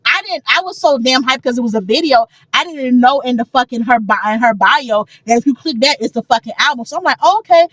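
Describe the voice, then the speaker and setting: A high-pitched woman chats on a podcast with excitable, profane energy, jumping into animated stories. The sound is close and dry, with no room in it. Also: fairly quick, hardly any pauses, no echo, highs cut off. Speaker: podcast co-host. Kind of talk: casual chat.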